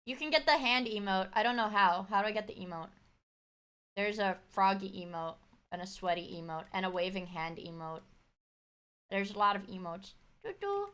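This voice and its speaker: A woman streamer chatting casually as she reacts to a video, excitable and swearing, shrieking thanks to her viewers. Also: medium pitch, moderate pace, smooth.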